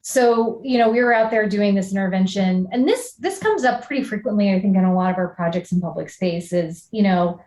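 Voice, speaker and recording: A woman artist guest on a podcast, talking through her ideas in a relaxed, reflective way. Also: mid-range voice, a little fast, few pauses. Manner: reflective, talks through ideas with many fillers. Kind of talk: casual podcast conversation. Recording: echoey room.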